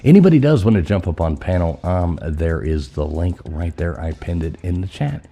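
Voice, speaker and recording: A man's voice: low-pitched, expressive, moderate pace, warm tone, breathy edge. A man hosting a casual live stream, chatty and loose, swearing casually, his voice scratchy from being sick.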